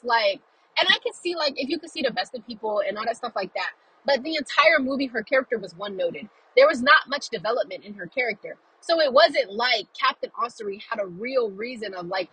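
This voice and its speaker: Bright, husky chatty woman. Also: on the high side, brisk, rough recording. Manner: chatty and animated, with many "like"s and quoted reactions. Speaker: vlogger reviewing a film. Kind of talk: casual chatty review. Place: car while driving.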